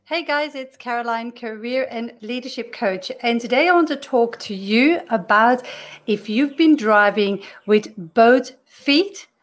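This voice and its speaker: A woman's voice: a little high, measured pace. A middle-aged woman whose first language is not English, a career coach talking earnestly through a personal story in a podcast monologue, with frequent restarts.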